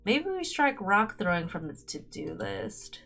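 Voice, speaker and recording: A young woman streamer with a mid-range voice reads a dating game aloud, her pitch swinging wildly as she speaks a little slowly in a pushed, bright tone. Playful and giggly, she laughs often and breaks off into her own commentary, with faint game music behind.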